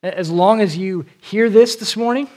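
A man's voice: sits high, unhurried, mellow. A male preacher delivering an earnest sermon, often repeating a word as he restarts.

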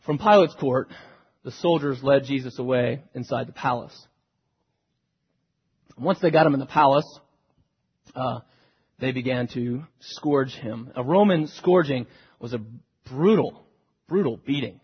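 Preacher guy, husky-ish voice, kinda high, goes quiet then loud, big echoey hall. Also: a little slow, pauses often. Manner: dramatic, swings between hushed and loud delivery. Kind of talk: sermon retelling a scripture story. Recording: dull recording with long hall reverb.

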